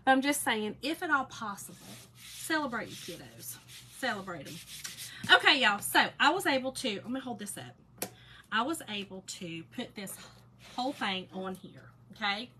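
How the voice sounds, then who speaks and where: A middle-aged woman talks casually to her livestream viewers as she works on a craft at the table. Her voice is bright and clear, with a chatty, down-home manner. A faint hiss sits under the recording. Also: medium pitch, big pitch swings, normal speed.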